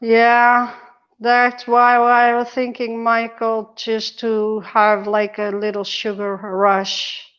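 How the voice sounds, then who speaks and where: Speaking slowly and in a monotone, a vlogger with a slightly high, a bit bright, smooth voice records a casual vlog on her phone, held close, from a hospital ward. She's chatty and emotional, tearful at times, and the sound is lo-fi.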